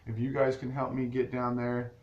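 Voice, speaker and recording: A man's voice: medium pitch, completely flat delivery, normal speed, lo-fi sound. A man vlogging straight to his viewers in a rambling, casual way, restarting his sentences often. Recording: echoey room with faint ambient noise.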